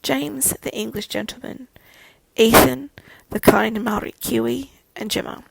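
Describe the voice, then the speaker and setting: A woman narrating a fan fiction audiobook in a steady storytelling manner. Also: on the high side, measured pace, vocal fry, very noisy.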